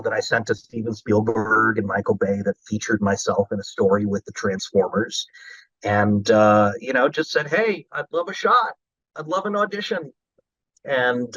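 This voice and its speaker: A man guest telling stories in a casual interview, excitable and animated. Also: medium pitch, slightly rough, dry recording, dull audio. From Maryland, USA. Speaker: voice actor guest.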